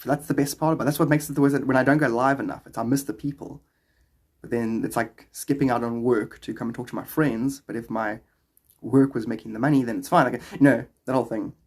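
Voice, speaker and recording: A man's voice: mid-range voice, fairly even intonation, fast talker, slightly rough. A man with a South African accent, rambling casually on a livestream and answering chat questions aloud.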